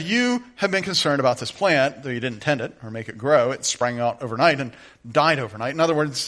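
Middle-aged male pastor, bright and slightly high, conversational preaching with direct questions. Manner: conversational, animated, asks the listeners direct questions. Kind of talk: sermon.

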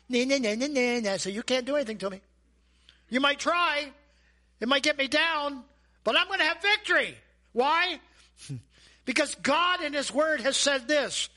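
A man preaching a sermon as a pastor, animated and asking the congregation questions. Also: very high-pitched. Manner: animated, acts out voices and asides; asks the audience questions.

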